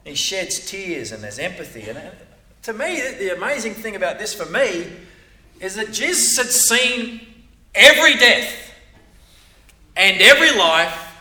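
Man preaching, high bright voice, chatty, repeats himself, echoey room heard from a distance. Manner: conversational, repeats words, asks "right?" often. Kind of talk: sermon.

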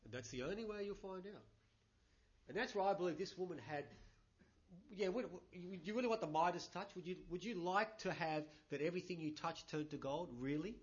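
A man's voice: high-pitched, a little fast. A man preaching a conversational sermon, with lots of 'you know' and emphatic bursts. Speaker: pastor. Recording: dull lo-fi recording.

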